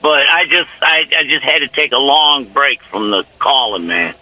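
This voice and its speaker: A man's voice: medium pitch, moderate pace, sharp tone. A man calling in to a radio show, rambling in a folksy way and calling people man and brother, with a Northwest Indiana accent. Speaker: caller. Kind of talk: casual call-in chat. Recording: phone line.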